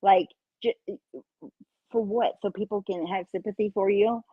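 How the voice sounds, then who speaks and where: A woman's voice: medium pitch, steady tone, normal speed, slightly rough, no room sound, phone-quality sound. A woman in a casual chat who mocks others with laughter and mimicry.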